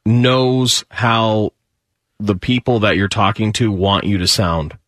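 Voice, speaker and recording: A man's voice: on the low side, steady tone, slow, a bit bright, dry recording, studio quality. A man in a casual chat, joking around and chiming in with short agreements.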